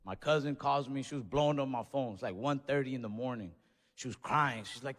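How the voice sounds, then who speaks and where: A man doing stand-up storytelling on a comedy club stage, animated, acting out voices and yells. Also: mid-range voice, a little fast. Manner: animated, acts out voices and yells in his stories. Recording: stage mic in a reverberant venue.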